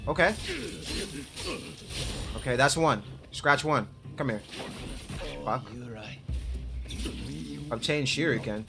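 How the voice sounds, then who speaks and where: A man streams himself playing a video game, grumbling and swearing at the enemies as he goes. He talks slowly and in a mid-pitched voice. Loud game music plays under his commentary. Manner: frustrated, swearing, talking to the game. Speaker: gaming streamer. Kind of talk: gameplay commentary.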